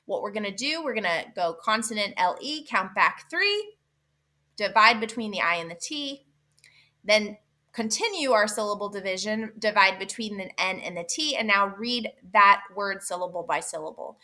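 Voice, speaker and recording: A woman teaching other teachers about syllable types, patient and clear, sounding out word parts slowly and asking rhetorical questions. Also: mid-range voice, expressive, pushed and bright. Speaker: literacy teacher trainer. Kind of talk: instructional explainer video.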